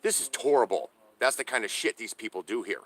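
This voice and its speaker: Inside a parked trailer on a hot day, a homeless middle-aged man living there vlogs on a handheld camera, ranting casually to the lens. His lowish, slightly bright voice is animated and fairly quick, profane and aggrieved, and he often restarts his sentences.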